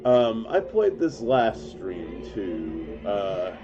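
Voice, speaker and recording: A male gaming streamer gives casual, chatty live commentary in a lowish voice, drawing out his words while congested and coughing from a cold. He's relaxed and cracks self-mocking jokes. The stream audio is dull and lo-fi, with game music playing behind him.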